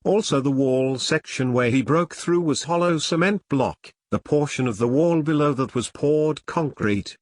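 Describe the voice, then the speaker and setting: A man narrating online stories aloud in a steady, matter-of-fact reading voice. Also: a little high, normal speed, few pauses, a little hiss or hum.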